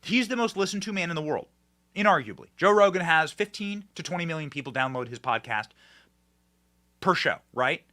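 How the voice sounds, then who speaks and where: A man hosting a political commentary show, talking emphatically and swinging between loud outbursts and hushed asides. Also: a little high, lively intonation, a little fast.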